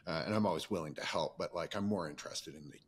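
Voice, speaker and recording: A man's voice: sits low, quick pace, breathy edge. A man in his fifties hosting a podcast, talking candidly and at length about his own life in a reflective, rambling way. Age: 50s. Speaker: podcast host. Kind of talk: reflective casual conversation.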